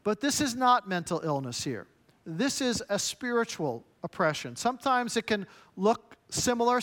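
Male pastor, higher voice, punchy emphatic sermon delivery. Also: a bit bright. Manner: emphatic, punchy preaching with short repeated phrases.

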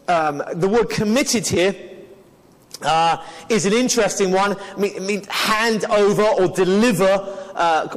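A man's voice: sits high, long reverb tail, low-quality recording. A man teaching the Bible to an audience, earnest and explanatory, often restarting and correcting himself mid-sentence.

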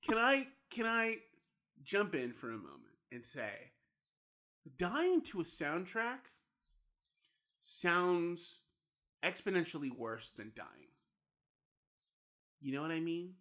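A woman's voice: lowish voice, very animated, slow, pauses often, a bit bright. A woman co-hosting a podcast, reacting and teasing in casual chat. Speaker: podcast co-host.

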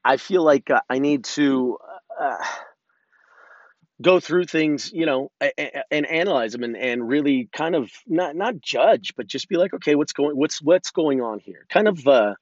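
With a slightly high voice, lively intonation and an unhurried pace, a man delivers a casual monologue on his own podcast. There's no room sound and the highs are cut off; he's candid and self-reflective, rambling, cursing a lot and restarting sentences.

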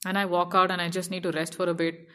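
A woman's voice: on the low side, little pitch movement, fast talker, a bit bright. A young woman, a fashion designer, telling a personal story and acting out her own anxious thoughts with animation.

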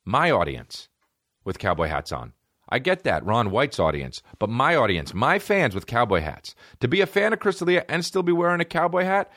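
A man's voice: mid-range voice, sing-song, normal speed, a bit bright, dry recording. A man hosting a podcast, talking in a rambling, profane, comedic monologue from a studio. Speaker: podcast host.

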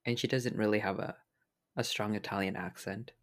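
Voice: mid-range voice, steady tone, fairly quick. A co-host in casual chat, blunt and teasing, with a sarcastic edge.

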